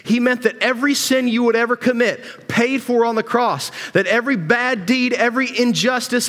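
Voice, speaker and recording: A man's voice: high-pitched, fairly bright tone, long reverb tail. A man preaching a sermon as pastor, mixing scripture with folksy, joking stories. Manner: folksy storytelling with humor.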